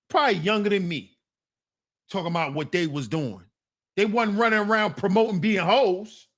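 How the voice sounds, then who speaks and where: High pitched guy, blunt casual rant, scolding his chat. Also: a bit bright. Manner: blunt, scolding, talks back to viewers. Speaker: commentary channel host.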